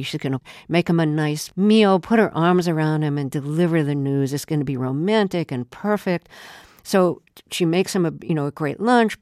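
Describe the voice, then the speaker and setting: A woman's voice: sits low, a little mellow, dry recording, clean studio sound. A woman hosting a radio interview, chatting and setting up clips. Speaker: radio host.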